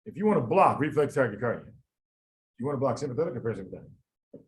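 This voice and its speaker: A man teaching a live medical review class, quizzing students and talking through the reasoning in an animated way. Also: mid-range voice, poor audio. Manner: animated, quizzes students, quick asides with sudden quiet drops. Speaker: medical board review lecturer.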